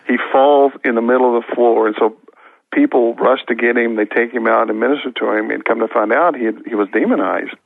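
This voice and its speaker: A man with a gravelly, creaky voice tells an earnest testimony, stopping and restarting as he acts out what people said. The sound is thin and phone-like. It is dry and close, with no room around it. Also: medium pitch, fairly quick, no echo. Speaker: guest minister. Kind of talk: storytelling testimony. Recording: tinny phone-line audio.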